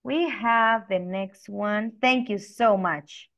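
Slow, patient woman teacher. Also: medium pitch, fairly bright tone. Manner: slow, patient, spells letters out. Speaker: Spanish teacher. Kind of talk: online language class. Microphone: video call. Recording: dull lo-fi video call audio.

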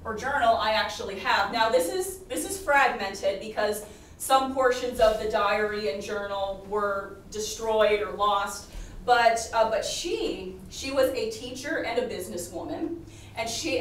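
Woman presenter, chatty, hoarse, recorded far off in a very echoey room. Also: fairly high pitch. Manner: chatty, laughs often, many fillers and restarts. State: losing her voice. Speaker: podcast host and presenter. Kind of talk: live presentation talk. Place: historic house presentation room. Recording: very echoey room, distant mic, faint noise.

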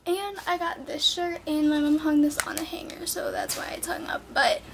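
Teen girl doing a haul vid at home, high voice, gushy, says like a lot, camera mic. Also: normal speed, background noise. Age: late teens. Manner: bubbly, chatty, filler-heavy talk with many "like"s. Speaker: vlogger. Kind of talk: clothing haul vlog. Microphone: built-in camera mic.

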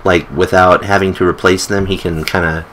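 Casual let's play host, a man, chatty and joking, slightly low voice, faint typing in the background. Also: flat delivery, normal speed, a bit bright, a little hiss or hum, rough recording. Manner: chatty, joking asides, reads game text aloud. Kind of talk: casual gameplay commentary.

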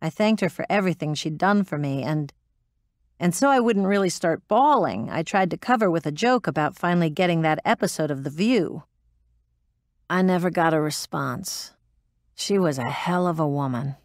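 A hardened former military pilot, blunt and profane, defensive when pressed. Her voice sits low for a woman, recorded dry and close for an audiobook drama. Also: expressive, normal speed, dry recording. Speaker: interviewee.

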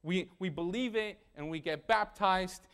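A man's voice: sits high, measured pace, fairly bright tone, clean tone. A young man preaching a sermon in a church, telling a personal story in a conversational way and acting out the dialogue.

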